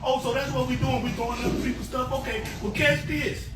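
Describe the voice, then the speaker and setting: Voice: sits high, steady tone, brisk, natural voice. A voice actor voicing a small, short-legged male pet that pleads in whiny slang to be picked up and gets indignant. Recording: voice-over with music behind.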